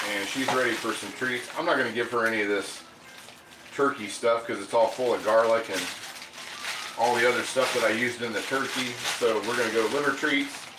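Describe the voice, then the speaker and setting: A man's voice: mid-range voice, reverberant, background noise. A man hosting a casual cooking livestream, chatting loosely and eating as he talks. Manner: chatty, rambling, eats while talking.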